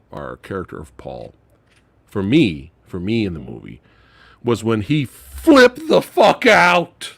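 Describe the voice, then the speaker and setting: A man hosting a casual live movie review chat, animated, laughing often and swearing casually. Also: low-pitched, gravelly, no room sound. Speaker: show host.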